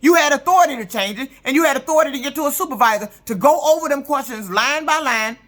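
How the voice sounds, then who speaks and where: Bright, lively woman in her fifties ranting. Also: high-pitched, fast talker. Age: 50s. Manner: indignant, profane, emphatic. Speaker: truck driver vlogger. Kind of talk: ranting storytelling vlog.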